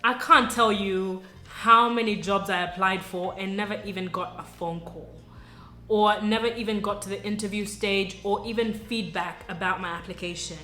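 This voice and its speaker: A woman's voice: medium pitch, steady tone, moderate pace, pushed and bright. A young adult woman from Sudan telling her own story to camera, earnest and reflective, chatty with many asides. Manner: earnest, reflective, conversational with frequent "you know" and "like". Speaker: vlogger. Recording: roomy echo with faint music.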